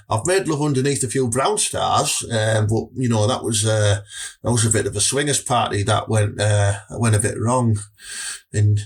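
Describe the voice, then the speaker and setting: A man with a Teesside accent hosting a comic podcast, answering listener questions in a crude, boastful, jokey way. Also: fairly high pitch. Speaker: podcast host.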